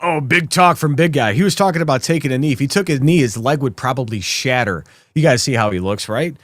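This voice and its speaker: A man's voice: medium pitch, quick pace, dry recording, clean studio sound. A man hosting a live political commentary show, talking sarcastically and mockingly to his viewers.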